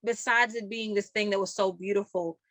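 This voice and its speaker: A woman's voice: medium pitch, fairly even intonation, a little fast, no echo. A woman hosting a casual interview, asking questions and affirming often. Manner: warm affirming, lots of yeahs. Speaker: interview host.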